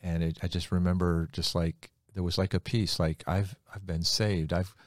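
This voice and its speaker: An older pastor in his sixties with a very deep voice speaks softly and reflectively, often pausing and restarting. His talk is casual and personal. The sound is dry and close. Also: level tone, dry recording. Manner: reflective, halting, soft-spoken. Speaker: pastor co-host. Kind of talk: casual chat, personal testimony.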